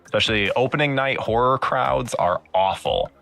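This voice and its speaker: Blunt, profane man with a bright voice. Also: mid-range voice, moderate pace, gravelly, soft background music. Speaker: podcast guest. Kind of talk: casual chat.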